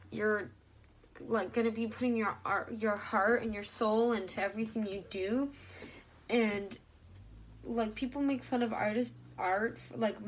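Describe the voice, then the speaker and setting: A young woman vlogging to her channel, animated and rambling with many fillers, heated and frustrated. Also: fairly high pitch. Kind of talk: casual ranting vlog.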